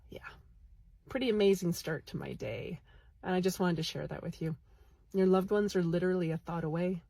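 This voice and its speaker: A woman speaks in a casual vlog, telling a story with animated energy from a waiting room. Her voice is a little husky and breathy. The sound is close and dry, recorded on a phone held near her. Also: lowish voice, normal speed, long pauses, no echo. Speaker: psychic medium. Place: medical lab waiting room.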